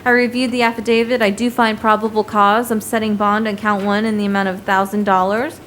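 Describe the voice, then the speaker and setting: A woman presiding as a judge in a courtroom, reading out bail conditions in a brisk, procedural way and spelling them out slowly. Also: medium pitch, flat delivery, fairly bright tone. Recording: faint room noise, heater.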